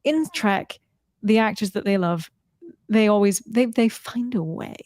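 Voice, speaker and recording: A woman's voice: medium pitch, unhurried, darkish tone, no echo, clean studio sound. A woman co-hosting a podcast in casual chat, wry and thinking aloud. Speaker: podcast co-host.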